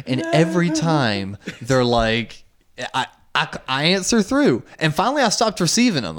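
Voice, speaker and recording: A man hosting a podcast in casual chat, telling stories with lively swearing and laughter. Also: medium pitch, moderate pace. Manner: animated, swearing, laughing storyteller. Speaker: podcast host.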